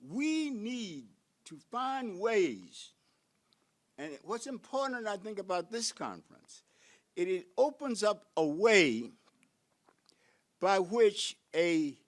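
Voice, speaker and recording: An older man, a professor, giving a reflective conference lecture full of rhetorical questions, halting now and then with fillers and restarts. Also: high-pitched, big pitch swings. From United States.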